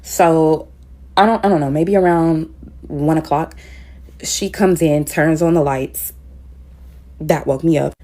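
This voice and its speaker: A woman's voice: low-pitched, takes it slowly, pauses often. A woman, a teacher, telling a story in a casual, candid way with frank profanity. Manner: grows louder and more heated as she tells it.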